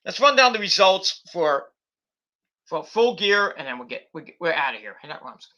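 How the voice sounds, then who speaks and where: A man's voice: sits high, sing-song, moderate pace, bright, forceful tone, dull audio. A man giving a casual, rambling wrestling review monologue, full of fillers and restarts.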